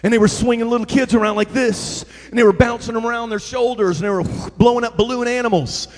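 High-voiced preacher in an echoey hall. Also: male voice, quick pace. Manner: energetic storytelling with call-and-response to the crowd. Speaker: pastor. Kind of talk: sermon. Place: church sanctuary.

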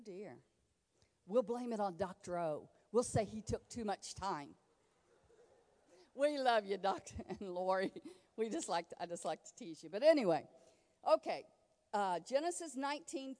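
A woman's voice: on the high side, darkish tone, long reverb tail. A woman pastor preaching a sermon in a church, emphatic and folksy, acting out quoted dialogue. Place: church sanctuary.

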